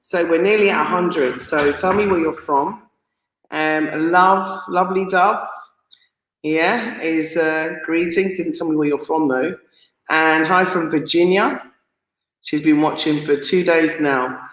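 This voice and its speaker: A woman chats her way through a live stream, greeting viewers one by one as she reads out their comments. She sounds excitable and laughs easily, and she trips over unfamiliar names as she goes. Her voice carries a roomy echo. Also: deep voice, measured pace. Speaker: livestream host reading viewer comments. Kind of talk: casual live stream chat.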